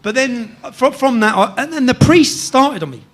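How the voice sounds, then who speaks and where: English man, higher-pitched, casual animated storyteller, salty language, checks in with "yeah?". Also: moderate pace. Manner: swears freely, keeps tagging sentences with "yeah?". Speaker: guest storyteller.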